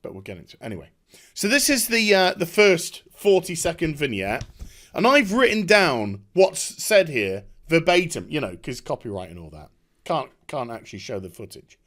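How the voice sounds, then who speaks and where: A man delivering a heated vlog rant, scornful and quick to swear. His voice sits high and swings widely in pitch. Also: very animated, a bit bright. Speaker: online commentator.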